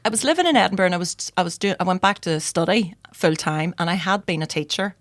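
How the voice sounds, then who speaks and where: A woman, on the low side of pitch, telling funny stories in a relaxed podcast chat. She talks close to the microphone in a dry, dead room. She keeps acting out the voices of the people in her stories. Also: fast, no room sound. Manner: lively storyteller, acts out quoted voices.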